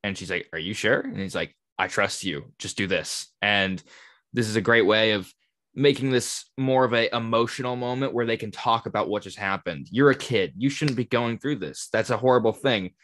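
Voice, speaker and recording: A man's voice: medium pitch, normal speed, fairly bright tone. A man co-hosting a podcast who chats casually, explaining game lore and often trailing off with a laugh. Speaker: podcast co-host. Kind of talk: casual chat.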